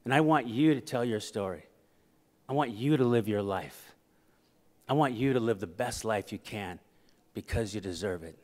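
A man's voice: on the low side, moderate pace, pauses often, slight background noise. Middle-aged guy doing a funny keynote, acts out voices, big echoey hall. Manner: animated, acts out quoted voices for laughs. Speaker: keynote speaker. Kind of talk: humorous storytelling speech. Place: conference hall. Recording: reverberant hall.

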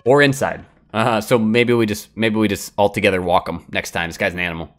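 A young man giving crude, excitable live commentary while he plays a video game, trash-talking and yelling at the screen. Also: lowish voice, fairly quick, soft background music. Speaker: gaming streamer.

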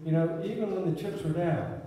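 A man's voice: sits high, fairly quick, warm tone, slight background noise. A man giving a eulogy, telling an upbeat story about a friend and laughing through it. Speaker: eulogy speaker. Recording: echoey hall from far off.

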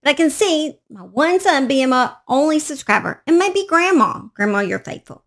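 A woman's voice: high voice, animated, normal speed. A woman, hosting a true crime channel in a chatty, gushing way and talking straight to her viewers. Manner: warm-hearted, gushing, talks to viewers directly. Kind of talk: casual chatty vlog.

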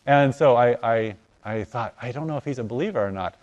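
A man recounting a personal story in conversation with a lively, theatrical delivery. He acts out both sides of the dialogue, climbing loud and high and then dropping to a hush. His voice sits at a middle pitch. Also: fairly quick, lo-fi sound. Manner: animated, acts out dialogue with voice rising and falling. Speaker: guest telling a testimony.

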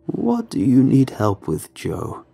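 A man voicing a creepy, gaunt male sun being with a croaking voice, slow and drawn out in a horror story reading. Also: mid-range voice, wildly swooping pitch, mellow, soft background music, heavily acted. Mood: creepy coaxing.

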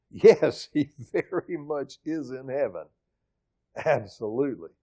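A middle-aged man preaching a sermon as pastor, emphatic, swinging from loud exclamations to quiet asides. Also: mid-range voice, big pitch swings, unhurried. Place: church sanctuary.

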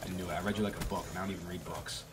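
A man giving profane, trash-talking commentary over a shooter game, with sudden loud outbursts. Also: sits low, steady tone, racing, background noise. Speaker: gaming YouTuber. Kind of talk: gameplay commentary.

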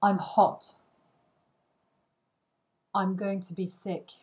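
A woman reads short phrases aloud for learners, one after another, with pauses between them. She speaks slowly and carefully, at a middle pitch. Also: level tone, a little mellow. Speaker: language learning reader. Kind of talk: slow phrase-list reading for learners.

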